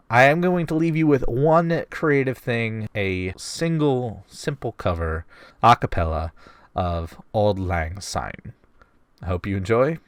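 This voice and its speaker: Guy in his 20s with a stuffy nose doing a chill q&a vlog, kinda low voice that bounces around a lot, dry close sound. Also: no echo. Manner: wry and self-deprecating. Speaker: vlogger. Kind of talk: casual Q&A vlog.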